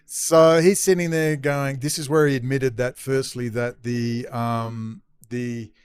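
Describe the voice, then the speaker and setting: A man's voice: medium pitch, level tone, slow pace. A man from Australia, telling a rambling, profane, agitated story straight to camera. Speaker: vlogger.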